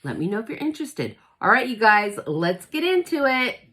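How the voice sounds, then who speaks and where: Chatty upbeat woman with a lively voice. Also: on the high side, moderate pace, faint music behind. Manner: chatty, upbeat, keeps asking "okay?". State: out of breath. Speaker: direct sales consultant. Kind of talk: casual direct-to-camera pitch.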